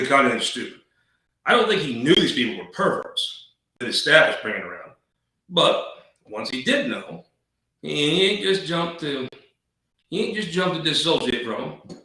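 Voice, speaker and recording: Folksy host, blunt and rambling, bright tone, recorded off mic in a very echoey room. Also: male voice, medium pitch, distant mic. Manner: blunt folksy talk with restarts. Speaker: political show host. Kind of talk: casual political commentary.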